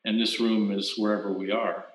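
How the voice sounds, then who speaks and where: A man giving a Zen dharma talk, speaking reflectively and haltingly, with frequent restarts. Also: fairly low pitch, flat delivery. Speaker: Zen Buddhist teacher. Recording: roomy echo.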